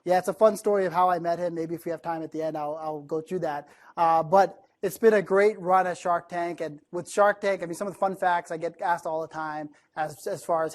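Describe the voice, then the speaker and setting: A man from the East Coast of the United States giving a conversational keynote talk to a room of listeners, chatty and lively, often asking the audience questions. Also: fairly high pitch, a little fast, hardly any pauses. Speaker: keynote speaker.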